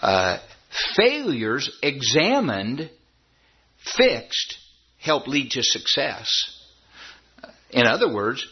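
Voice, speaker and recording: A man's voice: medium pitch, big pitch swings, extremely slow, pauses often, breathy edge, muffled recording. A middle-aged man preaching a sermon, emphatic, repeating phrases and stretching key words for effect. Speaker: pastor.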